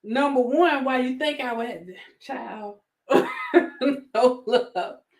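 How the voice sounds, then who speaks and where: A woman's voice: high voice, lively intonation, extremely slow. A woman with a Southern American accent, hosting a casual commentary vlog, sassy and laughing often as she talks to her viewers. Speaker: YouTube commentary host.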